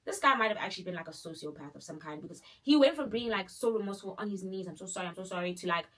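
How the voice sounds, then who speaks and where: A young woman, telling a dramatic personal story in a casual, animated way full of fillers. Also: mid-range voice, fast. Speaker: vlogger.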